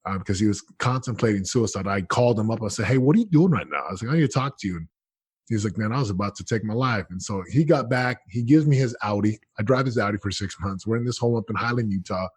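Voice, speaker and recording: A man in his thirties telling his story as a podcast guest, earnest and animated, often acting out what he said. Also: lowish voice, quick pace, breathy edge, no room sound, clean studio sound. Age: 30s. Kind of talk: candid storytelling.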